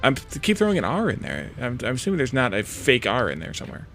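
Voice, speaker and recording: A man's voice: mid-range voice, huge pitch swings, quick pace, creaky, fairly bright tone, soft background music. A man streaming a video game, chatting casually with viewers and thinking aloud as he plays. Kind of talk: casual let's-play commentary.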